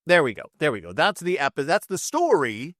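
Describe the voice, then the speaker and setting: A man hosts his own podcast from home, retelling cartoon stories in a loose, chatty way. His pitch swings widely as he dips into brief voices for the characters. The sound is dry and close, with no room around it. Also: wildly swooping pitch, fairly quick, a bit bright, dry recording. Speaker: podcast host reviewing cartoon episodes. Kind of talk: casual solo commentary. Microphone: microphone with camera.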